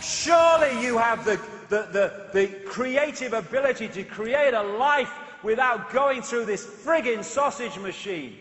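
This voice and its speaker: A man giving an impassioned speech to an audience, urging and at times shouting. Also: extremely high pitch, expressive, a little slow, hardly any pauses, soft background music. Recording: echoey hall with long reverb.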